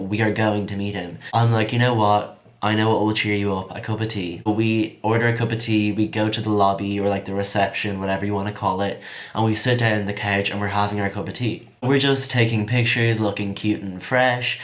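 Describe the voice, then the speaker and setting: Excitable young man telling a story. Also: fairly low pitch. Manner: chatty, excitable, lots of "like". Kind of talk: casual storytime.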